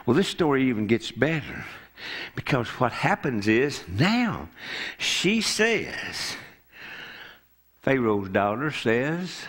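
Slow, animated preacher. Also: male voice, mid-range voice. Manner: folksy, storytelling preacher who acts out the characters' lines. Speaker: pastor. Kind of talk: sermon. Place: church sanctuary.

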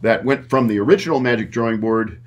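Middle-aged guy rambling through stories, lots of ums, normal pitch. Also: fast. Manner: rambling with many fillers. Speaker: guest, puppet maker. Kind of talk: casual interview talk.

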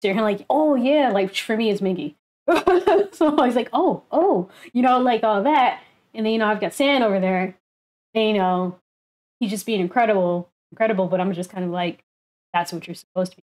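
A woman hosting a casual album reaction video, chatty and excitable, laughing often. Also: mid-range voice, fairly quick.

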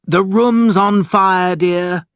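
A man doing a high, fussing mother. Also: steady tone, very slow, a bit bright, smooth, no echo, studio quality, heavily acted. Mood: alarmed. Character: fussing gentle mother of the family.

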